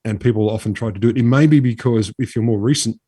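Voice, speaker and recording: A man's voice: on the low side, quick pace, dark tone, husky, dry recording, studio quality. A man from Australia co-hosting a casual science chat, telling a story with lots of fillers and restarts. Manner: rambling storyteller, hesitant fillers. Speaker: podcast co-host.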